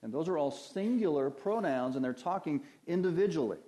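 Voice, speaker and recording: A man preaching a sermon, reading Bible verses slowly and deliberately and putting questions to his listeners. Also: a little high, expressive, dark tone. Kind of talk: sermon teaching from Scripture.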